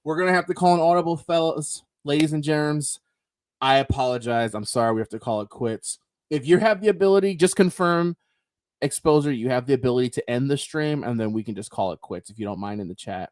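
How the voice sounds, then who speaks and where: A man's voice: medium pitch, a little fast, a little mellow, dry recording. A man co-hosting a live stream, talking casually and rambling to his viewers. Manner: rambling, chatty, laughs often.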